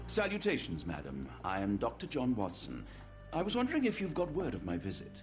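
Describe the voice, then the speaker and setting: An actor playing a formal Victorian doctor. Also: male voice, medium pitch, wildly swooping pitch, a little fast. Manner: formal, flustered when improvising. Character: proper Victorian doctor and loyal sidekick. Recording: game music underneath.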